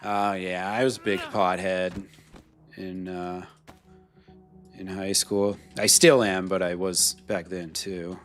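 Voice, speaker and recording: An American gaming streamer, probably in his thirties, speaks slowly in a deep, level voice with faint music behind him. Chatting casually while playing live, he swears, laughs often, and drifts into rambling stories and asides.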